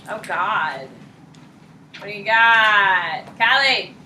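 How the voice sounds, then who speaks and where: A woman teaching a high school history class, quizzing students by name in a blunt, casual way. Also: drawn-out words, pushed and bright. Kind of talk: classroom lecture and questioning. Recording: echoey classroom, distant mic, light noise.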